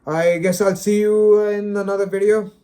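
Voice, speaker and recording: A man's voice: high-pitched, flat delivery, normal speed, mellow. A man ranting unscripted on camera, exasperated and dejected, sighing and stammering over repeated words. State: dejected and frustrated. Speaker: video creator. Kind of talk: unscripted solo rant.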